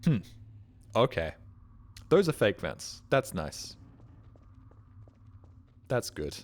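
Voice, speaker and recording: A man streaming a game live, muttering sarcastic commentary and breaking into excited outbursts. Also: fairly low pitch, extremely slow, pauses often.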